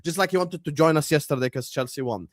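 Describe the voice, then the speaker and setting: A man's voice: fairly high pitch, fast talker, no room sound, studio quality. A man co-hosting a football podcast, arguing combatively and ranting with plenty of swearing. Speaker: podcast co-host. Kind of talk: heated football banter.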